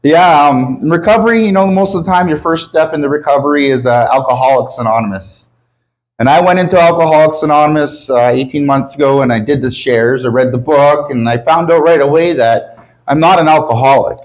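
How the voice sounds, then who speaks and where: A man's voice: fairly high pitch, fairly quick, low-quality recording. A man from Canada doing a stand-up comedy set, crude and self-mocking, swearing often as he jokes about his city and his sobriety. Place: comedy club stage with a live audience.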